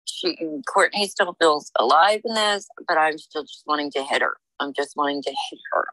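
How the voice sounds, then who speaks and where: A woman working as a psychic medium, giving a reading in a halting, searching way with many fillers and restarts. She speaks in the first person as the people she senses. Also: deep voice, expressive, pushed and bright, dry recording, low-quality recording. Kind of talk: intuitive reading monologue.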